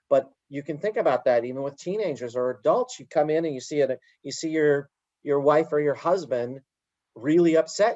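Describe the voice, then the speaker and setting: A man explaining calmly in an interview, often slipping into little acted-out quotes of parents and children. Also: medium pitch, no room sound, highs cut off. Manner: animated storyteller acting out little quoted dialogues. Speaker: guest, educator. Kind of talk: conversational interview answer.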